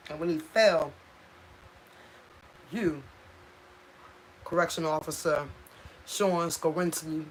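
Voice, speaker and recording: A woman's voice: deep voice, slow pace, long pauses, slight background noise. A woman speaking on a live stream from home, raw and impassioned, repeating herself for emphasis and stopping to thank viewers. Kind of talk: emotional casual live-stream talk.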